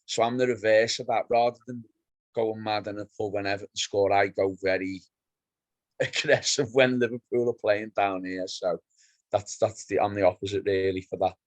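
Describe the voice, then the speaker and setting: Low-voiced man telling pub football stories. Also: moderate pace, dry recording, rough recording. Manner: animated storyteller, acts out pub exchanges. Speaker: podcast co-host. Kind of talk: casual football chat.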